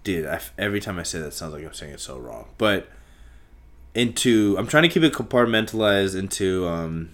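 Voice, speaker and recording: A young man hosting a solo podcast, rambling and swearing casually, talking in circles and breaking into loud shouts. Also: deep voice, animated, brisk. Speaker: podcast host.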